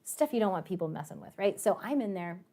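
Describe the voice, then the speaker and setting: A woman's voice: mid-range voice, lively intonation, fast, mellow. A woman math and science teacher telling a story to her students in a chatty way, with many fillers and acted-out quotes. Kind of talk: storytelling to students in an online class.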